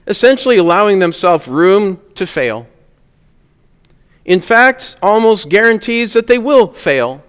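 Male pastor, smooth resonant voice pitched a bit high, earnest sermon delivery, long church reverb. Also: animated, moderate pace. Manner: earnest preaching, rising to emphatic peaks on key words.

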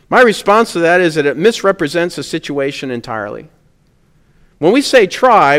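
A man's voice: a little high, fairly bright tone, clean tone, long reverb tail. A man preaching a sermon as a pastor, earnest and conversational, rising to emphatic peaks on key points.

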